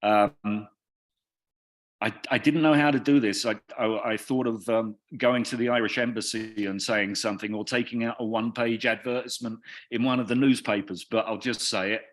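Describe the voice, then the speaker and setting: A man from northern England, an actor being interviewed, talking in a wry, self-deprecating way with thoughtful pauses. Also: medium pitch, steady tone. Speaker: actor guest. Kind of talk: casual interview chat.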